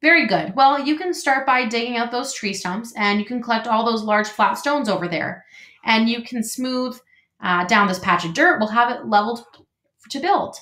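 A woman's voice: a little high, animated, moderate pace, a bit bright. A woman voicing a friendly, talkative male beaver builder with a folksy manner, in an echoey room. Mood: chatty.

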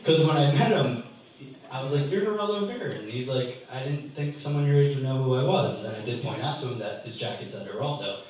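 A young man doing a stand-up comedy set in a club, ranting with exasperation and sudden jumps in pitch. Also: animated, fast, crowd noise. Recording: echoey club from far off. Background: audience laughter.

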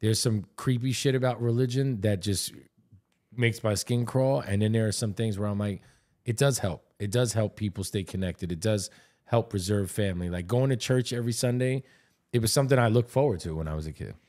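A man's voice: on the low side, fairly quick, a little mellow. A man co-hosting a casual podcast, speaking earnestly and reflectively. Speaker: podcast co-host.

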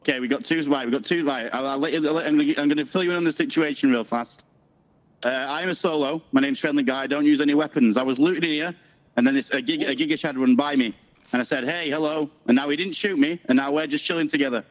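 A man's voice: a little high, fast talker, highs cut off. A man on in-game voice chat, chatty and joking, laughing as he talks. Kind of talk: playful in-game banter.

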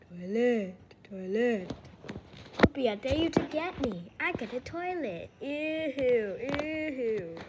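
A woman's voice: sits high, darkish tone, slight background noise. A woman giving silly, playful game commentary, giggling and repeating herself. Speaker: gaming channel host.

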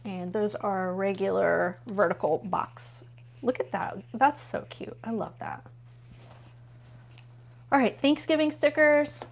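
Her voice is mid-range and gravelly. She hosts a relaxed home unboxing stream, enthusing about each thing she unpacks and chatting with her audience while she flips pages.

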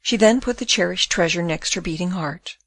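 A woman reading a classic novel aloud as an audiobook narrator, in a measured, expressive way. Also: fairly low pitch, no room sound.

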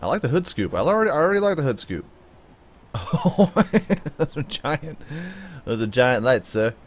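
A gaming YouTuber delivers playful, chatty gameplay commentary, chatting with both his car and his viewers. His pitch swings widely as he leaps into high, silly tones, speaking at a normal speed with slight background noise.

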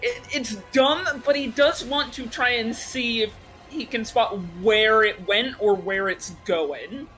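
A woman's voice: a little high, slow, a bit bright, faint music behind. A woman playing in a tabletop game, chatty and laughing often as she talks through her moves. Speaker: player. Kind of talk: casual tabletop game play.

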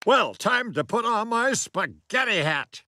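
A man's voice: high-pitched, big pitch swings, a little slow, bright, forceful tone, a little hiss or hum, heavily acted. A man voicing an eccentric, oddball mayor in a cartoon, with a lilting, unpredictable delivery. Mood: smug.

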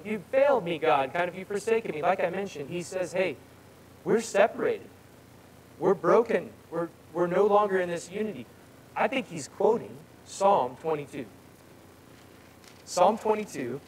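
Pastor, male, slightly high voice, casual sermon delivery that builds on readings, faint room hiss. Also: low-quality recording. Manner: conversational preaching, swelling louder on scripture. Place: church sanctuary.

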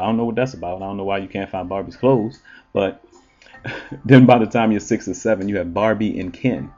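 A man who works as an entertainer and relationship show host, talking in a blunt, profane, animated monologue with frequent ums. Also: lowish voice, a little fast, dull audio. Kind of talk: casual monologue.

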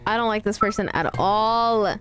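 A woman's voice: mid-range voice, normal speed, a bit bright, soft background music. A woman live-streaming a horror game, chatting playfully with her viewers as she plays. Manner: chatty, playful, talks to chat. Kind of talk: live gameplay commentary.

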